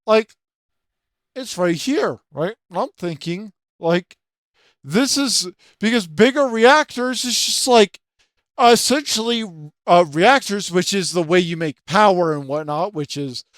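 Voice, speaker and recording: Guy with a high voice ranting about a game, swears a lot, rambles, dry close sound. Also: measured pace, fairly bright tone, no echo. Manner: profane, rambling, leans on filler words and tag questions; keeps his voice down late at night. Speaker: channel host. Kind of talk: ranting video-game commentary.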